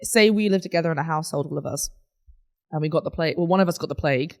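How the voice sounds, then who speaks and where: A woman co-hosting a podcast in casual chat, telling stories in a giggly, animated way. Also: low-pitched, racing. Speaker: podcast co-host.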